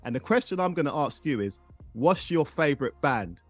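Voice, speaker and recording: A middle-aged man from England hosting a podcast in casual chat, excitable and quick to laugh. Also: fairly high pitch, faint music behind. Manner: excitable, directs the game, laughs often. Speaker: podcast host.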